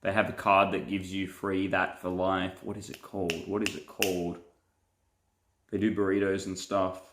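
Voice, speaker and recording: A man's voice: low-pitched, little pitch movement, moderate pace, noisy background. A young man, a pastor and live streamer, chatting casually and playfully as he reads viewer comments and laughs often.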